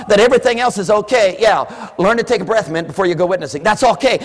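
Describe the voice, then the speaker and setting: A male preacher giving an animated sermon in a church, shouting for emphasis and mimicking congregants. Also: high-pitched, fast talker, hardly any pauses, a faint crowd, slight background noise. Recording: echoey hall with long reverb.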